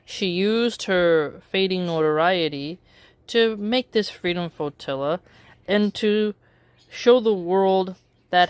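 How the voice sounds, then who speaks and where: A woman giving casual opinion commentary in a wry, measured way, drawing out her phrases with pauses. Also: medium pitch, clear, resonant tone, dry recording. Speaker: political commentary vlogger.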